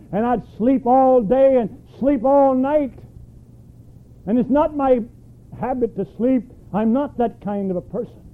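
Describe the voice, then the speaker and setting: High-voiced man preaching on a tinny tape. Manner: emphatic, asks the congregation questions. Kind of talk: sermon.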